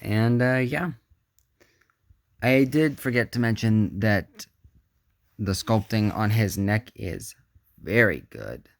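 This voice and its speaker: A man's voice: fairly low pitch, lively intonation, slow, long pauses. A man giving a casual hands-on action figure review, chatty and muttering asides to himself as he handles the figure.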